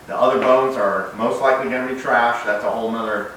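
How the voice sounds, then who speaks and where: In a very echoey room, a male dog trainer talks fast in a medium-pitched voice against a noisy background, relaxed as he explains things while training. He gives the puppy bright, sharp commands in this casual instructional demo, captured by a distant mic.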